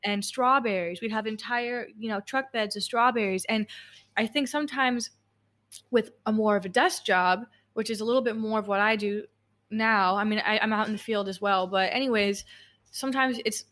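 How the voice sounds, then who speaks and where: A woman's voice: mid-range voice, normal speed. A young woman hosting a podcast interview, talking at length and drifting into side stories. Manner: warm and talkative, rambling storytelling with tangents. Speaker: podcast host. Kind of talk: casual interview conversation.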